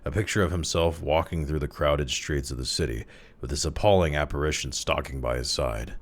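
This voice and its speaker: Deep-voiced man reading a story. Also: brisk. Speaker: narrator, audiobook reader.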